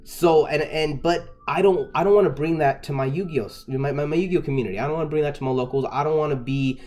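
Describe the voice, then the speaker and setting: A man telling a casual story-time tale, repeating words and restarting often as he gets worked up and loud. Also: a little high, fast talker. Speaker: storyteller recounting a personal incident.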